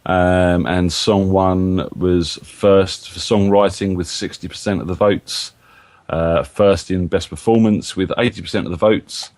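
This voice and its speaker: Wry deep-voiced Englishman. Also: steady tone, unhurried, darkish tone, dry recording. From England. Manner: wry, joking. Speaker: panelist. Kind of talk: casual webcast banter.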